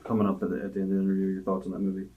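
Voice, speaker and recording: A man's voice: low voice, completely flat delivery, very fast, narrow, tinny audio. A male interviewer asking short prompting questions about old wrestlers and reacting briefly to the answers. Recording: off-mic, distant from the microphone.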